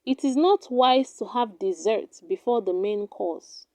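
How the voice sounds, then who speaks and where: In a scripted English pronunciation lesson, a woman says each word twice on purpose and then puts it in an example sentence. Her voice is a little high yet dark in tone, recorded with no room sound.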